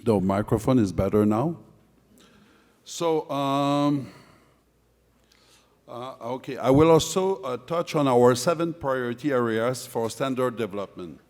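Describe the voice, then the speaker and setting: A man's voice: mid-range voice, a little mellow. French-accented man speaking in a hall. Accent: French Canadian. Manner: halting, joking, many uh fillers. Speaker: conference speaker, board chair. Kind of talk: conference presentation. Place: large conference room. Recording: long reverb of a hall.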